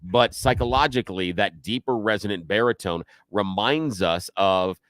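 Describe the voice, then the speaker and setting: Low-voiced man explaining on talk radio. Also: normal speed, a bit bright, no echo. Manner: explains steadily, with asides. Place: radio studio.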